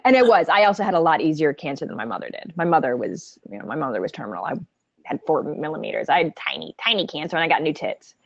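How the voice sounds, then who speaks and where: A woman's voice: low voice, big pitch swings, quick pace, no echo. A candid woman talks bluntly and with jokes about her own experience as a survivor. The sound is dull and dry, with no room tone. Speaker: breast cancer survivor guest. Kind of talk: casual panel chat.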